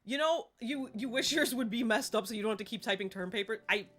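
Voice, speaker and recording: A woman's voice: on the high side, quick pace, fairly bright tone. A woman live-streaming a game in casual chat, rambling along and laughing often. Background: faint game music.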